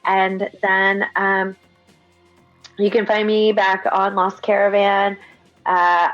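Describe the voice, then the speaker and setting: Slow, hesitant woman on a dull mic. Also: medium pitch. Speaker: player and game master. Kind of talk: casual sign-off chat.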